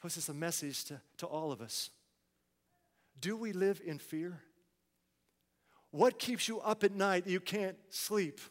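A man's voice: high voice, a little slow, long pauses, in a large hall. A man preaching a sermon, asking the congregation rhetorical questions and acting out people's complaints.

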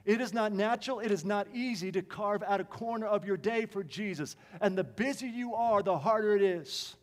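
A man preaching a sermon with passion, swinging from emphatic lines to quiet ones. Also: sits high, moderate pace. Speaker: pastor. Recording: long reverb of a large hall.

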